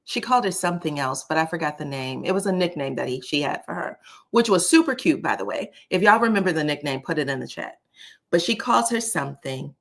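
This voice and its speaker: A woman's voice: deep voice, brisk, vocal fry. Chatty woman talking to her live chat. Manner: animated, chatty, addresses the chat directly. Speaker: livestream commentator. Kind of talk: casual live-stream commentary.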